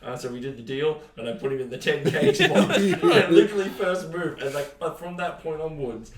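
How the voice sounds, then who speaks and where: Laughing podcast host in a roomy room. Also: male voice, mid-range voice, a little fast, recorded from a distance, a loud crowd. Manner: laughing, animated storytelling. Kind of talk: casual chat.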